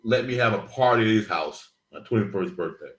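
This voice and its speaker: A man talks in casual chat with a lively, swooping voice and acts out the lines of the people in his story. He laughs often as he goes. The room around him gives an echo. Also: on the low side, brisk. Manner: animated storytelling, laughing, acting out quotes. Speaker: podcast co-host.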